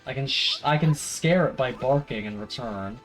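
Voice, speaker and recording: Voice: mid-range voice, moderate pace, soft background music, low-quality recording. A streamer giving playful, jokey commentary while playing a video game. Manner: playful, jokey asides and silly voices. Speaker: let's play streamer. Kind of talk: casual gameplay commentary.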